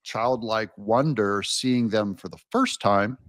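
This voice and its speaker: A man's voice: on the low side, slow pace, a bit bright, no echo, studio quality. A man as a podcast guest, reflecting in a thoughtful, casual way and drifting from one reference to the next.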